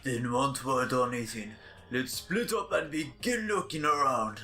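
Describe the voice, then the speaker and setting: A man's voice: mid-range voice, a little slow, bright, forceful tone, faint music behind. A man voicing an earnest young class leader.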